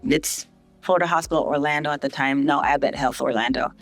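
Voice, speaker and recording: A woman's low voice moves briskly over faint background music. She is middle-aged, from St. Vincent, and heads a hospital, and on this podcast she tells her life story casually. Other people's lines come out louder as she acts them out with relish.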